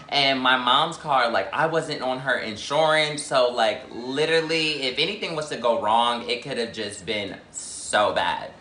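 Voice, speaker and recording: A man telling a story for his vlog, chatty and animated, peppering his talk with "like". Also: mid-range voice, echoey room, a little hiss or hum. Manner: chatty, heavy "like" fillers, animated retelling. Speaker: YouTuber.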